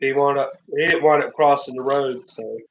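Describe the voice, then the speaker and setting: A man's voice: medium pitch, steady tone, moderate pace, a little hiss or hum, low-quality recording. A man rambling through a story in a car, repeating himself as he goes. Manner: rambling, repeats himself, acts out quoted lines. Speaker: live streamer. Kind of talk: casual storytelling.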